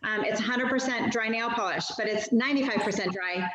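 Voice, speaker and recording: A woman's voice: fairly high pitch, a little fast, a bit bright, a little hiss or hum. Chatty woman demoing on a roomy call. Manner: chatty, self-deprecating, full of asides. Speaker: nail polish stylist training other sellers. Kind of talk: casual instructional demo on a video call. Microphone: video call mic. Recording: dull, roomy video call audio.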